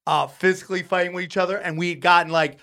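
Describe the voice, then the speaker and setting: A male comedian telling a long story in casual chat, animated and profane, acting out voices of the people in it. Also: high-pitched, quick pace. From California. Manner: animated, profane, acts out voices in his stories. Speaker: comedian guest.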